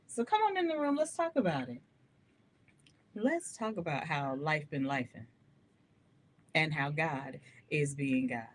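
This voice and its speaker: A woman hosting a live gospel radio show, talking to listeners in an animated, candid way and laughing often. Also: deep voice, a little slow, pauses often, a little hiss or hum. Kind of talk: live-streamed radio talk, testimony.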